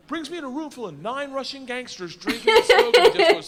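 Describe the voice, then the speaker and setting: A man's voice: very high-pitched, sing-song, fast, hardly any pauses, a bit bright. A man doing stand-up storytelling on stage, rowdy and profane, laughing through his lines. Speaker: stand-up comedian. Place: large stage venue. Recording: live show in a reverberant hall.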